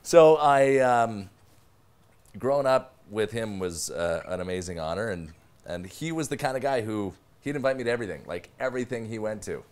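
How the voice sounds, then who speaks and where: A man's voice: fairly low pitch, lively intonation, normal speed, a little mellow, clear, resonant tone. A young man, a podcast guest, telling family stories in casual chat, laughing often and swearing casually.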